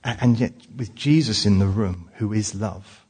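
Preacher, male, 40s, husky, chatty storytelling sermon. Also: fairly low pitch, normal speed, a little mellow. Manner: conversational, frequent restarts and "uh" fillers. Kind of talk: sermon with personal stories.

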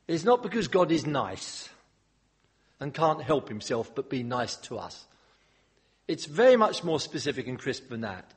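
A man preaching an animated expository sermon, mixing humorous asides into his teaching. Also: on the high side, slightly rough. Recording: long hall reverb.

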